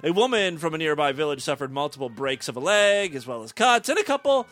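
Man, news-reading host, irreverent, jokey, stumbling over words, highish voice. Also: very animated, fast talker, fairly bright tone.

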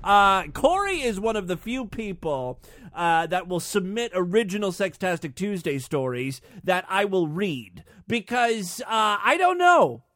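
A man's voice: sits high, sing-song, unhurried, fairly bright tone, no room sound, studio quality. A man hosting a podcast and reading a story in a mock-dramatic, solemn narrating voice. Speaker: podcast host.

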